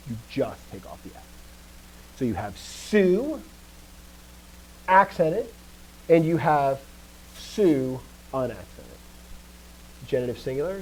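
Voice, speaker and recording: A man teaching Greek grammar to a class, lively, putting questions to his students and often dropping to a quiet trailing voice. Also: mid-range voice, slight background noise, rough recording. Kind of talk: classroom lecture.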